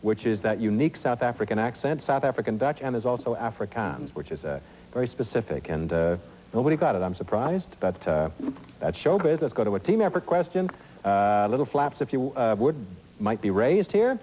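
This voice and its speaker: A man's voice: medium pitch, very animated, a little fast, mellow, long reverb tail, slight background noise, low-quality recording. A middle-aged man hosting a TV quiz show, reading questions and chatting in asides full of fillers, in a studio. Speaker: game show host.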